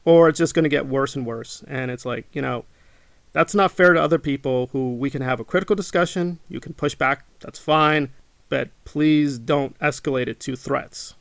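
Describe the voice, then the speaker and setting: Indignant man with a gravelly voice. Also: medium pitch, normal speed, no room sound. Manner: indignant, repeats himself, mocks his critics in quotes. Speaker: channel host. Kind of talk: monologue to camera.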